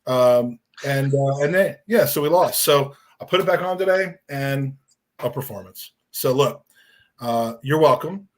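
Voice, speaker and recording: A man's voice: mid-range voice, unhurried. A man hosting a football fan call-in show, talking in a loose, rambling, sweary way. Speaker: podcast host. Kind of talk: casual fan show talk.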